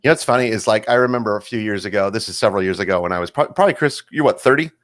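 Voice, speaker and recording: A man co-hosting a casual chat, telling stories with lively energy and acting out the quotes in them. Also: fairly low pitch, very fast. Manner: animated storyteller, acts out quotes. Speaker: show co-host.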